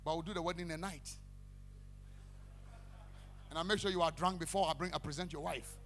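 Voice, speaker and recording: A man acting out a sly, scheming middle-aged man with a smooth, coaxing manner within a sermon. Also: fairly high pitch, steady tone, brisk, fairly bright tone, a little hiss or hum.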